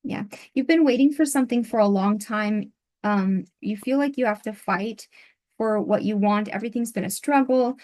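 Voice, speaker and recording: Softly halting woman channeling a reading. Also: mid-range voice. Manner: soft, halting, with many pauses and fillers. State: losing her voice. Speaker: tarot reader.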